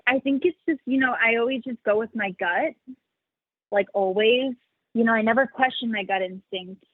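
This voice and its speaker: A chatty young woman with a fairly high voice talks warmly and loosely, filling her answers with "like" and quick laughs. The sound is dry and narrow, as if over a phone line. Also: no echo. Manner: chatty, many "like" fillers, laughs often. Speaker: sanctuary founder, interview guest. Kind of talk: casual interview answers.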